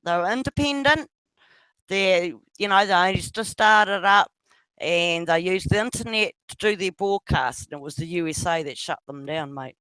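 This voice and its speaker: A woman's voice: on the low side, animated, normal speed, fairly bright tone, smooth, dry recording. A woman with a New Zealand accent in a casual voice chat, rambling, swearing freely and laughing often.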